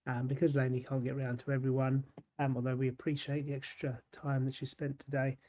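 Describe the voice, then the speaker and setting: A man hosts an online church service and moves it on to the next item. He speaks in a hesitant way, with plenty of "um"s and pauses. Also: medium pitch, level tone, dark tone. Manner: hesitant, lots of "um".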